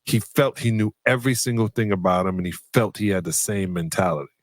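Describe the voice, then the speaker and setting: A middle-aged man, a former pro basketball player, telling animated stories on a sports panel and acting out the people in them. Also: on the low side, fast talker, dry recording. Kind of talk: anecdotal storytelling on a sports panel.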